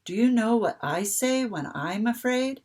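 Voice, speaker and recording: A woman reading the lines of a gentle, reassuring father in a children's story. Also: on the high side, a little slow. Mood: comforting. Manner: calm, comforting.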